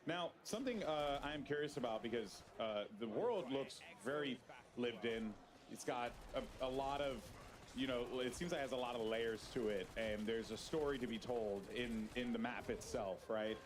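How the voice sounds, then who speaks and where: A man's voice: mid-range voice, normal speed. A man interviewing developers on a live showcase, asking curious, enthusiastic questions. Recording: crowd noise behind the voice.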